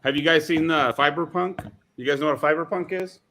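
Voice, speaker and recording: A man hosting a live online chat about making things, telling animated, rambling stories with many restarts. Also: a little high, brisk, a little hiss or hum. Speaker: host of a live maker chat. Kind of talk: casual chat.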